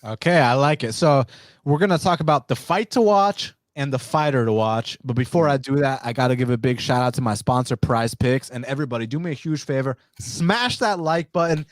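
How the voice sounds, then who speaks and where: A man's voice: mid-range voice, a little fast, dry recording, clean studio sound. Hyped man hosting a fight podcast. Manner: hyped, energetic, casually profane. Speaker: podcast host. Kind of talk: casual podcast chat.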